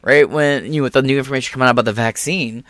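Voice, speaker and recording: A man's voice: mid-range voice, rapid-fire, a bit bright, no room sound, clean studio sound. A young man talking through a casual commentary vlog, sarcastic and mocking, swearing freely. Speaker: political commentator.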